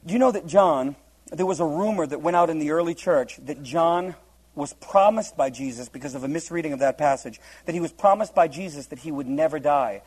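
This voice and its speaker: A man's voice: fairly high pitch, brisk, darkish tone, slightly rough, low-quality recording. A man preaching a humorous verse-by-verse Bible teaching, laughing often and acting out the scenes in different voices.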